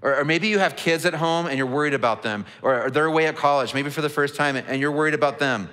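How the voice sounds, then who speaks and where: A man's voice: fairly high pitch, fast, a bit bright. A man preaching a sermon as a pastor, earnest and conversational, often restarting his words. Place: large church auditorium. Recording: long reverb of a large hall.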